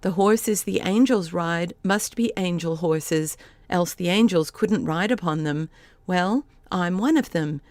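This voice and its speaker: A woman's voice: fairly low pitch, measured pace, darkish tone, dry recording, close to an everyday voice. A woman voicing a sly, vain young male horse with a smug, lofty manner, read for an audiobook. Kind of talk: audiobook character voice.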